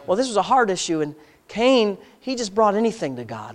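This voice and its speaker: Folksy, impassioned preacher: talky asides, rhetorical questions, loud emphatic climaxes. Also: mid-range voice, very animated, a little fast. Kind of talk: sermon.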